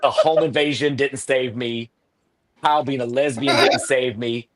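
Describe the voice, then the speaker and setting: A man's voice: mid-range voice, fairly even intonation, normal speed, fairly bright tone, close to an everyday voice. A man mocking a scheming reality-show woman. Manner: mocking, sarcastic mimicry.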